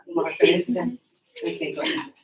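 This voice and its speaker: A woman's voice: fairly quick, background noise. A woman teaching an English class, explaining patiently and acting out examples. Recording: echoey classroom.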